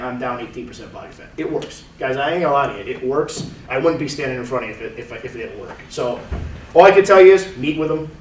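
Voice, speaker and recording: A man in his thirties talking casually to a group, repeating and restarting words as he goes. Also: medium pitch. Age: 30s. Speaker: testimonial speaker. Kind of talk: casual testimonial talk to a group. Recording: roomy, from far off, faint noise.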